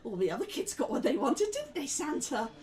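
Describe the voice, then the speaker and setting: A woman's voice: fairly high pitch, big pitch swings, fairly quick, darkish tone, far from the mic, a little hiss or hum, pitched above the performer's own voice. A woman voicing a haggard, horned female hag who cruelly taunts a captive with spiteful rage. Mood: taunting rage.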